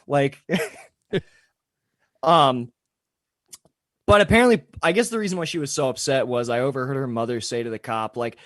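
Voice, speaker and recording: A man's voice: medium pitch, moderate pace, long pauses, no room sound. Rambling young man, dry close sound. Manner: rambling, filler-heavy, swears freely. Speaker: podcast co-host. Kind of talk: casual storytelling chat.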